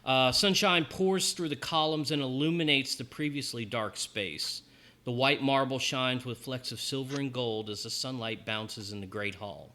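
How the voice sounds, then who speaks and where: A man's voice: medium pitch, moderate pace, pushed and bright. A man narrating as game master in a tabletop game, casual and rambling with many ums.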